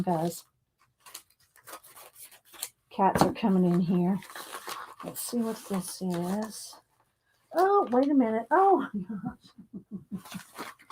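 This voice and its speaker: A chatty woman with a twang, a bit higher-pitched and in no hurry. She giggles a lot and keeps saying "hang on" as she unboxes mail, a little short of breath. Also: a little hiss or hum. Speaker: craft vlogger. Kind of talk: casual chat.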